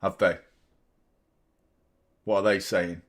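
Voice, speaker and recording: A man's voice: sits low, little pitch movement, takes it slowly. A young adult man, hosting a football watchalong in casual live-stream chat. He rambles, swears freely, reads viewers' comments aloud, and sounds drained.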